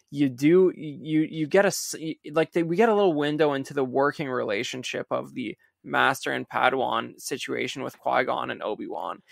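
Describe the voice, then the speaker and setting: A man on a casual film podcast, explaining a point haltingly with restarts. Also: medium pitch, vocal fry, dry recording, clean studio sound. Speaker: podcast co-host.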